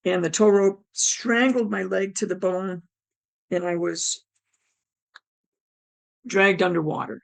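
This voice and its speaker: Gravelly-voiced woman telling a personal story. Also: mid-range voice, measured pace. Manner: animated, acts out her own thoughts. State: hoarse, damaged throat. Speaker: guest telling her near-death story.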